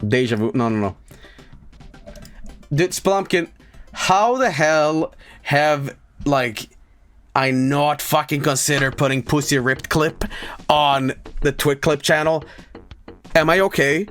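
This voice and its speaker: A young man streaming live, chatting casually and profanely, rambling through anecdotes and slipping into silly high voices. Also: slow, pauses often, fairly bright tone, faint music behind.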